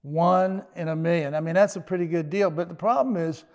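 A man's voice: fairly high pitch, fairly even intonation, brisk, darkish tone. An older man preaching a sermon as pastor, in a conversational style with joking asides.

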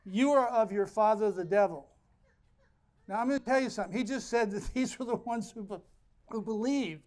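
A man preaching a sermon as pastor, reading scripture and explaining it with animated asides to his congregation. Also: high-pitched, moderate pace.

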